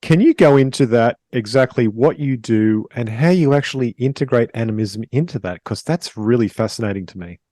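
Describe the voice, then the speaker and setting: A man hosting a podcast, talking in a relaxed, chatty way with fillers as he interviews a guest. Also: mid-range voice, a little fast, few pauses, no echo, clean studio sound. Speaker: podcast host.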